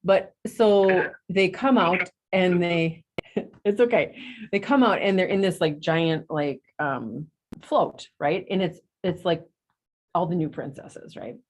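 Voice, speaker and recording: A middle-aged woman tells a story to her coworkers in a meeting room. Her voice sits a bit low but jumps high whenever she acts out what someone said. Her chat is casual and lively. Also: slow pace, slight background noise. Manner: animated, acts out quotes with big jumps in pitch. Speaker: real estate agent in coaching group.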